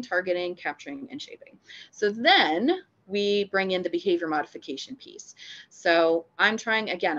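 A woman who is a dog trainer and veterinary behavior technician, giving a lively, playful training lecture. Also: mid-range voice, highs cut off. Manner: upbeat and playful, acts out dog reactions.

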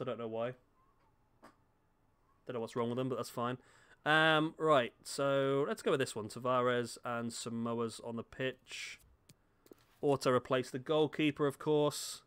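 A man's voice: mid-range voice, fairly even intonation, unhurried, pauses often, a bit bright, clean tone. A man giving casual, chatty commentary on a football game at home, talking to the players on screen and joking at himself. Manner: chatty, self-mocking, talks to the players on screen. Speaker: gaming YouTuber. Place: home room.

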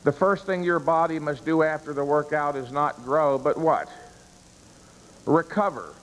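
A man's voice: a little high, steady tone. Emphatic man lecturing in a reverberant hall. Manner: emphatic, poses rhetorical questions and answers them; stresses key words deliberately. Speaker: seminar lecturer. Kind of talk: live seminar lecture. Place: seminar room with an audience. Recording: reverberant room, long echo.

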